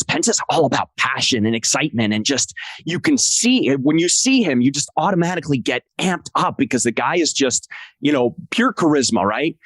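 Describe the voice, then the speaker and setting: A man as a podcast guest, telling an excited, emotional story and acting out what people said. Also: no room sound. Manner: acts out quotes with big pitch jumps. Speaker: podcast guest, wrestling translator. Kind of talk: animated storytelling in conversation.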